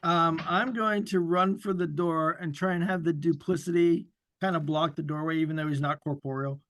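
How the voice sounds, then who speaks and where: Man, tabletop player, hesitant, bright sharp voice, high-ish pitch, faint music behind. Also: steady tone, moderate pace.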